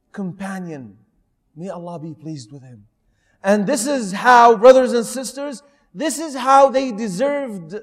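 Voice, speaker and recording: A man delivers a sermon in a strikingly high voice, unhurried and earnest. He tells stories and speaks straight to his listeners. His words ring out with a long reverb, as in a large hall. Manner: earnest storytelling, addresses the audience directly. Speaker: preacher.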